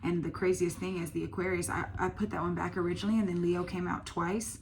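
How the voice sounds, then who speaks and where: A woman's voice: on the low side, level tone, fast, a little hiss or hum. A woman giving a casual tarot reading, thinking aloud with lots of fillers and the odd swear word. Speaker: tarot reader.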